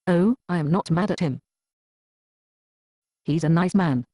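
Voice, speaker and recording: A woman's voice: fairly low pitch, unhurried, warm tone, no echo, studio quality. A woman acting as an upset single woman who answers defensively and evasively in an amateur Bible drama.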